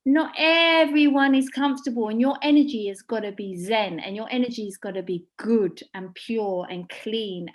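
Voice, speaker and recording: A woman with a fairly high voice, chatting as a guest in an interview. She is blunt and lively, swears casually and slips into little acted-out voices when she quotes people. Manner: blunt, animated storyteller, swears freely, acts out quotes. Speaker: guest, makeup artist.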